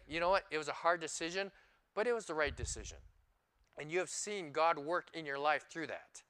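Man, preacher, sermon, conversational, bright, smooth. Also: fairly high pitch, rough recording. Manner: conversational, asks the congregation questions. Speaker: pastor.

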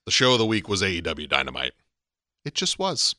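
Brief: male podcast co-host, lively swooping delivery, bright tone, dry close mic, opinionated. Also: low voice, a little fast, no echo. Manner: emphatic, opinionated, rises sharply on key points. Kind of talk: casual wrestling podcast chat.

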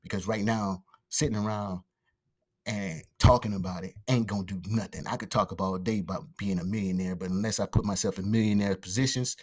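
A man hosting his own podcast alone, talking fast and loosely with slang, fillers and restarts. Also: lowish voice, fairly even intonation. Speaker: podcast host. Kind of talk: casual solo podcast monologue. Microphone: podcast microphone.

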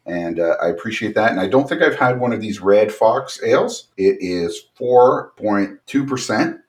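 Co-host: a middle-aged Canadian man, friendly and jokey, speaking in a low-ish voice. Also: lively intonation, moderate pace. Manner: chatty, jokey. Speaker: podcast co-host. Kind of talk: casual chat. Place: home basement.

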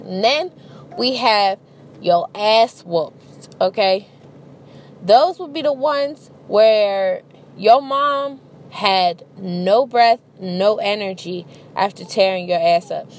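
A woman's voice: mid-range voice, slow, a little hiss or hum. A young adult woman telling a casual, profane story about her childhood and parenting, acting out voices as she goes. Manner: animated, profane, acts out voices.

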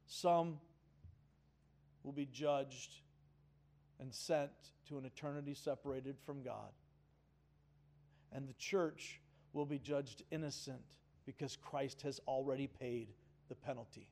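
A man's voice: medium pitch, steady tone, slow, gravelly, long pauses, a little mellow. A man preaching a sermon in an earnest, emphatic way, calling on the congregation to answer back. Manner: earnest, emphatic, with audience call-and-response. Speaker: pastor.

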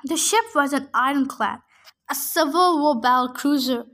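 A woman reading a novel chapter aloud for her podcast, eager and a little halting with restarts. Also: sits high, fairly bright tone.

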